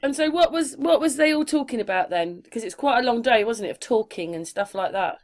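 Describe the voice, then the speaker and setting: Woman host, casual, asks prompting questions, a bit high. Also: expressive, fairly quick. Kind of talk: casual chat.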